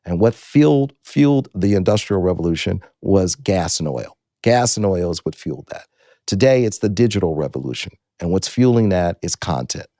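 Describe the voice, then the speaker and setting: A man in his sixties from the United States tells his story as a guest in an interview. His voice sits low and mellow, and he hammers home each point by repeating it. The sound is close and dry. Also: animated, normal speed, no room sound. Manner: emphatic, repeats key phrases.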